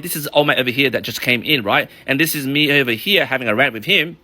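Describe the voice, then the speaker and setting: A man's voice: a little high, fast talker, few pauses, sharp tone, soft background music. A man, a mortgage broker and vlogger, telling a comedic ranting story full of swearing.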